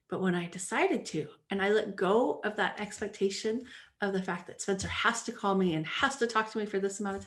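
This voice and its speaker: A woman talks through her own podcast in an easy, conversational way. Her pitch sits in a middle range for a woman. She is chatty and animated, and she slips into quoted dialogue to act out little exchanges. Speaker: podcast host and life coach. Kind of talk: casual podcast monologue.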